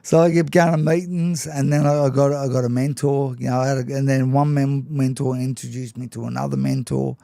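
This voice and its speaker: A man's voice: medium pitch, level tone, a little fast, gravelly, hardly any pauses, mellow, no room sound. A man telling his own story to an interviewer, frank and self-mocking, and often laughing as he talks. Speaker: guest. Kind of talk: personal storytelling in conversation.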